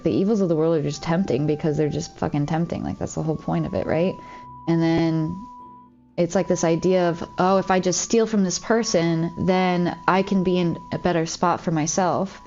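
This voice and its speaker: Streaming a game from home, a woman chats casually and confidingly, rambling openly with heavy use of "like". Her voice is lowish and warm, though the recording's highs are cut off.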